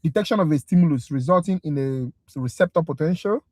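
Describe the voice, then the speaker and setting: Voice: medium pitch, fairly quick, a little mellow, dry recording. Casting: chatty, exasperated livestream tutor, direct with viewers, dry close sound. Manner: exasperated, talkative rant; direct, addresses viewers as guys. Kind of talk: casual livestream review class.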